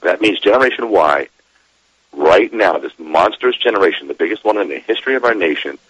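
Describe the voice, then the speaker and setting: Husky-voiced middle-aged guest. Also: male voice, sits low, fairly quick, no room sound, low-quality recording. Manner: animated storyteller, laughs while explaining. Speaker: radio show guest, demographer. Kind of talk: radio interview.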